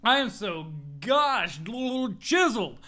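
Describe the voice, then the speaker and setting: Man playing a loud, boastful muscle-bound young guy. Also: very high voice, sing-song, takes it slowly, pitched above the performer's own voice, exaggerated voice. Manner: bellowing, bossy, swallows his own curse words.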